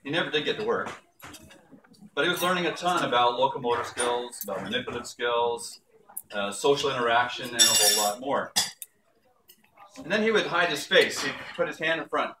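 An older man giving a storytelling speech at an awards ceremony, with warm anecdotes and playful voiced quotes. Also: medium pitch, animated, brisk, background noise. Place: banquet hall. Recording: echoey hall from far off with dish clatter.

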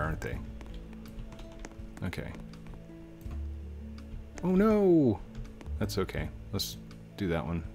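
A man casually commenting while he plays a building game, chatting to himself and his viewers. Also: deep voice. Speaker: let's play host.

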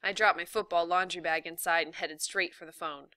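Woman reading a novel aloud, bright. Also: lowish voice, fairly even intonation, fairly quick, dry recording, studio quality. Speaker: reader.

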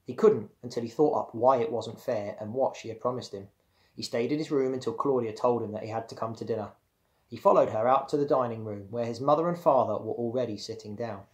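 Teacher guy reading a kids' book out loud, easy storytelling voice. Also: mid-range voice, a little fast. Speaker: primary school teacher. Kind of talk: reading a children's book aloud.

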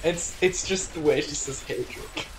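A man's voice: fairly high pitch, moderate pace, a little hiss or hum, rough recording. A man chatting and explaining the game while playing with friends, playing with words. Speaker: gamer. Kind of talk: casual gaming chat.

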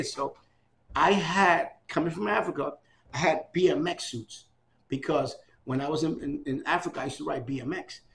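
Gravelly middle-aged man telling his story. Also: on the high side, brisk. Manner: animated, acts out quoted dialogue. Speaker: interviewee. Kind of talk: casual oral history storytelling.

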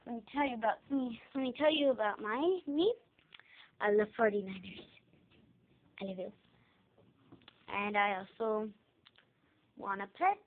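A young girl chatters through a casual room tour in her bedroom, rambling and excitable with a fairly high voice. The sound is tinny and lo-fi, like cheap home camera audio. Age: child. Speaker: vlogger giving a room tour. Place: child's bedroom, indoors.

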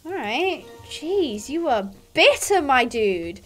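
A woman's voice: high voice, sing-song, slow, few pauses, fairly bright tone, faint music behind. A woman chatting casually over her gameplay, rambling and reading quest lines aloud. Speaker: gaming youtuber.

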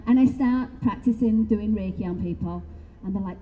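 A middle-aged woman speaking to a live expo audience, telling her story in a chatty, animated way and often checking in with "right?". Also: medium pitch, normal speed, long reverb tail. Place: expo hall talk.

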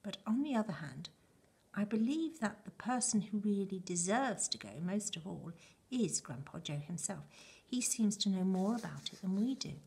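A woman reading aloud and voicing a gentle, thoughtful father who speaks quietly, in a breathy voice. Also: medium pitch, animated, moderate pace, exaggerated voice.

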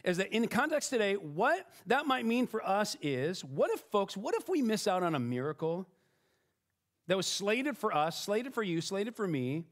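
This middle-aged pastor has a high, sing-song voice and speaks at normal speed. His sermon is conversational and self-deprecating, and he keeps restarting sentences and checking in with "right?"

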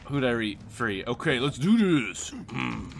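A man hosting a let's play, excitedly commenting on the action and muttering to himself between outbursts. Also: medium pitch, measured pace, gravelly, noisy background. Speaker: gaming video host. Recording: game music and gunfire behind.

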